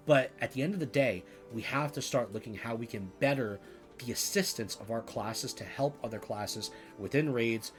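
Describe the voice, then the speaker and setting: A man talking through game class changes in a loose, rambling way, full of "you know" fillers and restarts. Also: mid-range voice. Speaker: gaming video creator. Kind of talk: casual commentary to camera.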